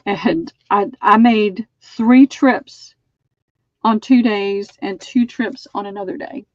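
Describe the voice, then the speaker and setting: A woman's voice: mid-range voice, slow pace, muffled recording. A woman hosting a live online sale, chatting as she measures and describes items. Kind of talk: live-streamed sale pitch.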